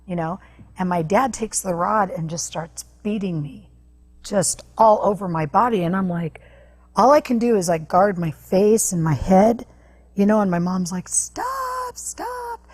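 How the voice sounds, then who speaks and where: A woman guest on an interview show, telling a personal story earnestly, with halting restarts. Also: lowish voice, darkish tone, slightly rough. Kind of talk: personal testimony in a talk interview.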